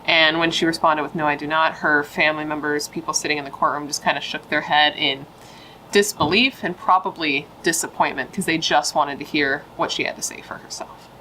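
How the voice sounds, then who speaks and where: Woman, low bright voice, chatty true-crime host, blunt opinionated asides. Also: fairly even intonation, brisk, a little hiss or hum, poor audio. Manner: chatty and opinionated, with frequent "like" fillers. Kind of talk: casual true-crime storytelling.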